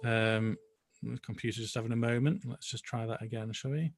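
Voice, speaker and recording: A man with a British accent leading an online choir rehearsal, singing each part and then gently explaining it. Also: medium pitch, steady tone, a little fast, dry recording, studio quality. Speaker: choir director. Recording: voice over loud music playback.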